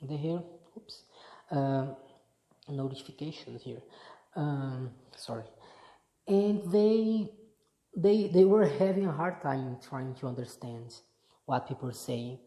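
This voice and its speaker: Low-voiced woman vlogging. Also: animated, takes it slowly, long pauses, dark tone. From Brazil. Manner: chatty, easygoing, often restarts sentences. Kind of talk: casual vlog monologue. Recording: echoey room.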